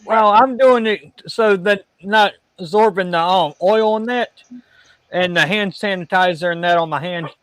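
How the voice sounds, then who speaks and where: A man calls into a live stream and answers in short, matter-of-fact lines. His voice sits quite high for a man. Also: moderate pace, fairly bright tone, clear, resonant tone, dry recording. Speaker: guest caller. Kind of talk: casual chat.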